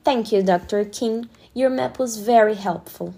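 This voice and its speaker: A man's voice: sits high, gravelly, mellow, soft background music, pitched above the performer's own voice. A man voicing a clever young woman with a teasing, ironic manner in an audio story. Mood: calm. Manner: teasing, quick-witted.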